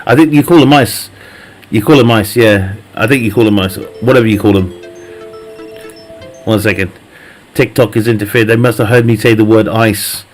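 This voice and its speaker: A man's voice: on the low side, moderate pace, long pauses, soft background music. A man live streaming a game, chatting casually with viewers, joking, teasing the chat, laughing often and swearing freely.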